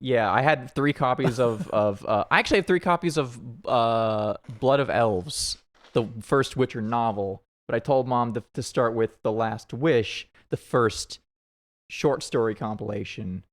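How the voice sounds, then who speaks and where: A man's voice: mid-range voice, unhurried. A man streaming a game, chatting casually and rambling with lots of restarts. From United States. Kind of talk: casual chat while playing a game.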